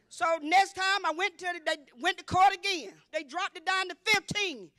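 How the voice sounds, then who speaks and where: A woman's voice: very high voice, normal speed, few pauses, bright, forceful tone, dry recording, clean studio sound. A woman in her fifties giving a church testimony, telling her story vividly and acting out each exchange, rising to emphatic exclaiming. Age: 50s. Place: church convocation.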